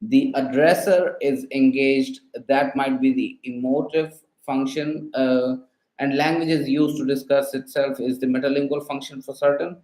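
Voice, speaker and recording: A man's voice: medium pitch, fairly even intonation, unhurried, darkish tone, echoey room, rough recording. A man quizzing a voice assistant on linguistics, hesitant, with many fillers and restarts. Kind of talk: spoken questions to a voice assistant.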